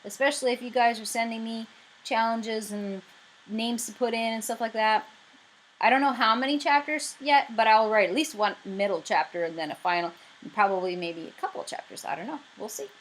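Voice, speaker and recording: A woman's voice: on the high side, fairly quick, rough recording. A woman with a Canadian accent talking casually to camera about her writing campaign, chatty and rambling with lots of fillers. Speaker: writer pitching her crowdfunding campaign.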